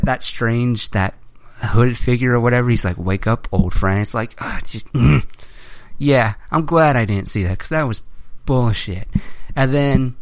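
A man's voice: mid-range voice, no room sound. A man hosting a podcast, chatting casually and ranting in a rambling way, with swearing. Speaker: podcast host.

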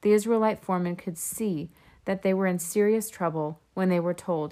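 A woman reading scripture aloud in a steady, measured way. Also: lowish voice. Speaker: scripture reader.

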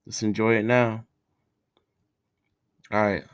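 A man hosting a solo podcast from his room, tearful and halting, with sighs and restarts. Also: fairly low pitch, level tone, clear, resonant tone. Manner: halting and emotional, with sighs, restarts and street slang. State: tearful, has been crying. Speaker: podcast host. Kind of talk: casual solo podcast talk.

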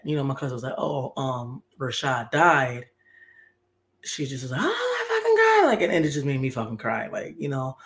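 A woman in her thirties hosting a podcast, telling a personal story in a candid, profane, slang-heavy way with lots of fillers. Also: low voice. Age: 30s. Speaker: podcast host.

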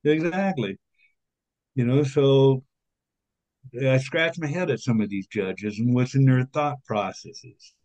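A man's voice: medium pitch, takes it slowly, pauses often, a little mellow, no room sound, low-quality recording. A man guesting on a podcast, speaking earnestly and with some indignation, with many fillers in his speech. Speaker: podcast guest, author and activist. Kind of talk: conversational interview.

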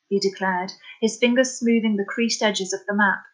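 A woman narrating a novel as an audiobook in a steady, dramatic storytelling manner. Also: medium pitch, normal speed, low-quality recording.

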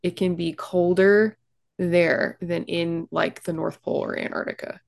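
A woman with a low, gravelly voice tells a story on a casual podcast. She reads out facts in a chatty way, dropping fillers and little asides as she goes. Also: little pitch movement, measured pace. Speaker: podcast co-host telling a shipwreck story.

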